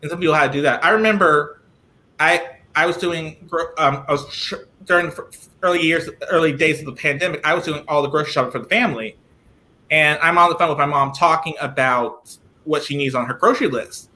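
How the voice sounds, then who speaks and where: A man being interviewed over a video call, who often restarts his sentences while he searches for words and says he talks loudly. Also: on the high side, fairly quick. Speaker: guest. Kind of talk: live-streamed interview.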